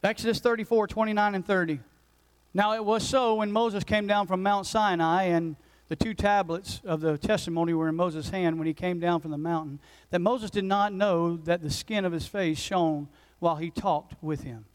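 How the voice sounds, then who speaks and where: A man in his forties, a pastor preaching a passionate sermon that swings between loud urgency and hushed intensity. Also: high voice, fairly even intonation, moderate pace, rough recording. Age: 40s. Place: church sanctuary.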